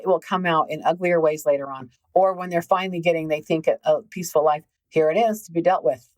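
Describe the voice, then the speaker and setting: A woman's voice: low-pitched, rough recording. A middle-aged woman hosting a relationship podcast, talking casually and emphatically, repeating words for stress. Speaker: host, relationship healing coach.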